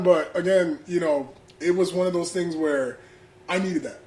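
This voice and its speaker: A man's voice: sits high, normal speed. A man, a comedian guest, telling stories casually in slangy talk, acting out the people he quotes. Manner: animated, slangy, acts out quotes. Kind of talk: casual storytelling. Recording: echoey room with faint background noise.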